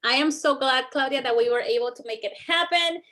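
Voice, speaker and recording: A woman hosts a casual live stream, her voice a little high. She talks in a friendly, chatty way, quick with thanks. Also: sharp tone. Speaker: host.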